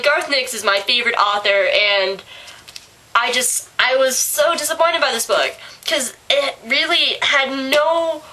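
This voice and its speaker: Young woman vlogger, bright and sharp, hoarse, rambling and excitable. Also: high voice, poor audio. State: hoarse from illness. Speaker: book reviewer. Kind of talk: casual vlog review.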